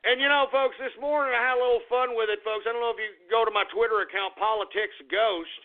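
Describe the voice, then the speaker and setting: A man's voice: extremely high pitch, fairly even intonation, fast talker. Angry, profane male talk radio host. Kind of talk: political talk radio rant. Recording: tinny phone-like lo-fi sound.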